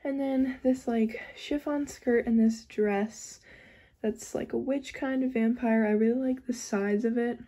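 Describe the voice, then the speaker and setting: Chatty young woman vlogging, bright voice. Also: on the high side, fairly even intonation, measured pace. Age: young adult. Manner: chatty, rambling, many fillers like "like" and "um". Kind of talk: casual vlog chat.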